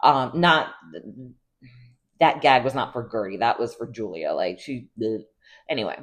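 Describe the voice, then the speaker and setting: A woman hosting a casual reality TV recap, chatty and gossipy, full of "like" and quick laughs. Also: extremely low pitch, big pitch swings. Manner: chatty and gossipy, heavy use of "like", laughs often.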